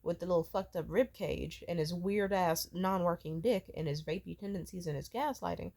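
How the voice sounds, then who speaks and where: A woman's voice: on the low side, normal speed, darkish tone. A woman in her twenties venting in a rambling, profanity-heavy personal rant. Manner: profane, rambling, emotionally charged. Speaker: vlogger. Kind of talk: ranting personal vent.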